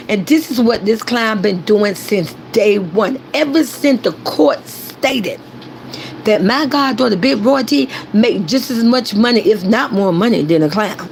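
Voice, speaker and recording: Woman ranting on stream, kinda high gravelly voice, faint hiss behind. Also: lively intonation, a little slow, poor audio. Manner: emphatic, repetitive, addresses chat directly. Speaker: commentary host. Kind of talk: ranting commentary.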